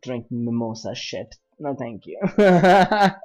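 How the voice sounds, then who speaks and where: A man's voice: a little high, lively intonation, slow. A man streaming a game and chatting casually with friends over voice chat, teasing and laughing often.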